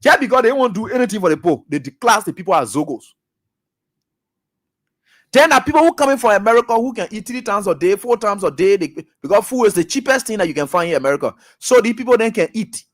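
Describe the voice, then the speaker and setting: High-pitched preaching Liberian man. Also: lively intonation, fast talker. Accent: Liberian English. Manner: emphatic, repetitive, preacher-like, swings between loud shouts and low mutters. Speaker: radio talk show host. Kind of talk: preaching commentary.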